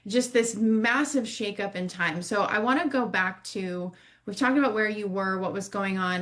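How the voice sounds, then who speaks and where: A woman hosting a podcast interview, speaking in a measured, reflective way. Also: mid-range voice, fairly bright tone. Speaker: podcast host.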